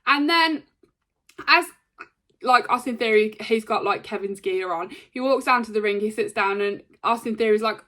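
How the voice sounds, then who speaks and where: A woman giving a casual, rambling recap of a wrestling show, excitable and full of ums and likes. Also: a little high, moderate pace.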